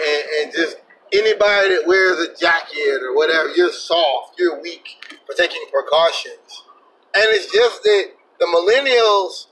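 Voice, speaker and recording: A man's voice: high-pitched, a bit bright, distant mic, a little hiss or hum, rough recording. A man vlogging an indignant, emphatic opinion rant with plenty of profanity. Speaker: vlogger, truck driver.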